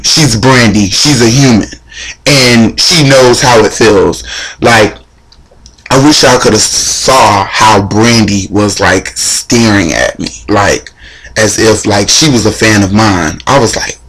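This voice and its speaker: A young man vlogging, excitedly retelling a story, his voice jumping high when he quotes himself, with lots of "like" fillers. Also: low-quality recording. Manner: heavy use of "like" and casual fillers.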